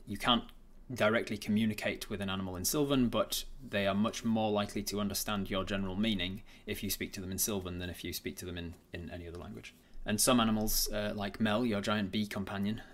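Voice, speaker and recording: A man narrating as game master of a tabletop game, hesitant, with many fillers and restarts. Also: fairly low pitch.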